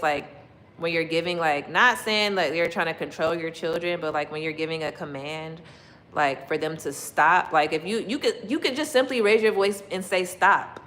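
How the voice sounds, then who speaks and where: A woman with a slightly low voice chats casually with her viewers from her kitchen. She laughs often and acts out little quotes as she goes, lively and chatty. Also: normal speed, slight background noise, rough recording. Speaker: livestream host chatting with viewers. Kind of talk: casual chat.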